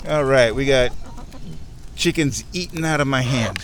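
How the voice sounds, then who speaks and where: A man's voice: mid-range voice, a little slow, fairly bright tone, slight background noise. A man chatting casually in a vlog while feeding his backyard chickens outdoors. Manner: rambling, chatty, talks baby-talk to chickens. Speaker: vlogger. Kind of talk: casual walk-and-talk vlog.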